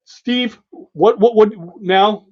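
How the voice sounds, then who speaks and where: An excited man with a high voice reviews a comic book for a podcast, walking through the panels and acting out the dialogue. His delivery is casual and eager, and the recording sounds dull and lo-fi. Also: extremely slow. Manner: enthusiastic, retelling panels with voiced quotes. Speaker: podcast co-host.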